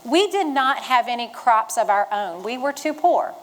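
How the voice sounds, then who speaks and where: This middle-aged woman, whose voice is somewhat high, tells stories to a crowd with folksy humor, rallying them as a retired Marine might rally fellow veterans. She comes from the Shenandoah Valley in western Virginia and speaks expressively at a moderate pace, captured in a low-quality recording.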